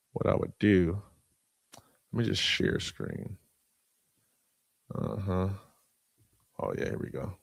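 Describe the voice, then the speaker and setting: A man in his thirties hosting a live online community call, shouting out names with slangy, excitable energy and talking casually while sharing his screen. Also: deep voice, vocal fry, dry recording, clean studio sound. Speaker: host. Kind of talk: hype-filled live community broadcast.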